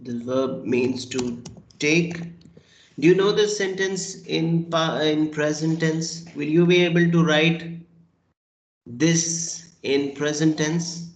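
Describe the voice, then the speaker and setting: A man teaching a French class over a video call, slow and patient, praising and prompting his students. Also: a little high, fairly even intonation. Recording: echoey room.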